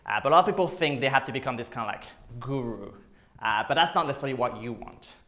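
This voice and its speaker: Casual male marketing vlogger, jokey asides, mid-pitched, echoey room. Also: lively intonation, fast talker, a bit bright, a little hiss or hum. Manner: joking asides, filler-heavy. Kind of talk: casual explainer to camera.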